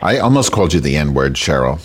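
A man's voice: very deep voice, sing-song, brisk, a little hiss or hum. A man hosting a show, telling a raunchy comic story in a rambling, self-interrupting way. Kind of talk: crude comedic storytelling.

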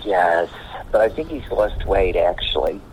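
A man's voice: sits low, animated, a little slow, darkish tone, a little hiss or hum, rough recording. A man with a New York accent co-hosting a podcast in casual banter, often stumbling over repeated words. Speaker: podcast co-host.

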